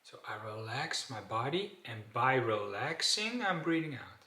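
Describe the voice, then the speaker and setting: A man with coaches an emergency breathing exercise, talking very slowly and pausing often. His voice is bright and forward. The room around him is echoey. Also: medium pitch, very animated. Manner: slow, repetitive, with frequent "okay" and restarts. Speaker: breathing instructor. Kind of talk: instructional talk to camera.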